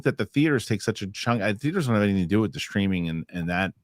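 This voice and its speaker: Low-pitched and racing along, this man hosts an informal movie chat show, reading out viewer comments and joking around with his co-hosts. He's animated and performs sketch voices.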